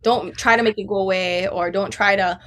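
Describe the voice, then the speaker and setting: A woman's voice: medium pitch, fairly even intonation, a little fast, a bit bright. A woman guest in a casual podcast chat, candid and earnest, telling personal stories and acting out what others said. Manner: candid, earnest, tells personal stories, acts out quoted dialogue.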